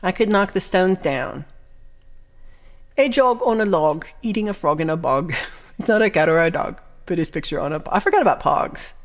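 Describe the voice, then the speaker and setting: A woman's voice: on the low side, expressive, normal speed. A young woman chatting casually with her livestream viewers, reading their comments aloud in a rambling, playful way with lots of ums and little laughs.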